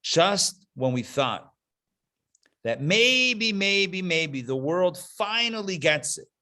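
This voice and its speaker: A man, a rabbi, teaching a live class over a video call, telling jokes in an animated storytelling manner and then speaking earnestly. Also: takes it slowly. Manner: animated storyteller, swings into high excited voices for characters. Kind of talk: live lecture with told jokes. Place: classroom streamed to an online call.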